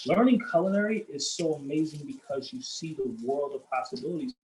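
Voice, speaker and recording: A man's voice: a little high, a little fast, poor audio. A man who is a chef, chatting casually and playfully while he cooks on a show. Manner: animated, playful, talks while cooking. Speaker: chef co-host. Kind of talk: casual cooking show chat.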